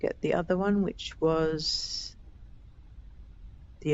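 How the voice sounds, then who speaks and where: Woman streamer, slightly low pitch, casual gameplay chatter to chat, faint background noise. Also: unhurried, lo-fi sound. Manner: relaxed, chatting to viewers while playing.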